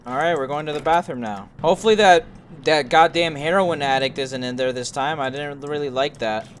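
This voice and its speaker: A young man with a fairly high voice, talking his chat through a horror game with crude jokes and loose banter. He mutters to himself between tasks and yells out loud at every scare. A faint hiss of noise sits under his voice. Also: a little fast. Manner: joking, profane, talks to himself; shouts when startled. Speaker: gaming streamer. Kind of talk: let's play commentary to chat.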